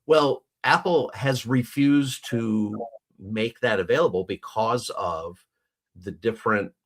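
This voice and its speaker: A man's voice: fairly low pitch, slow. Rambling man chatting on a video call. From United States. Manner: rambling, many restarts and fillers. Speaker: podcast co-host. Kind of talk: casual chat.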